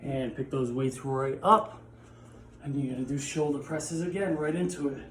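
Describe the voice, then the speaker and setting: A man's voice: mid-range voice, steady tone, moderate pace, roomy sound, a little hiss or hum. A man teaching a physical education class, coaching exercises while working out himself and often out of breath. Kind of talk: home workout class.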